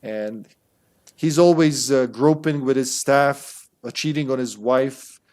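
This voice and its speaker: A man's voice: mid-range voice, slow pace, a little mellow. A man streaming a video game, chatting casually and rambling with lots of fillers and restarts. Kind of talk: casual gameplay commentary.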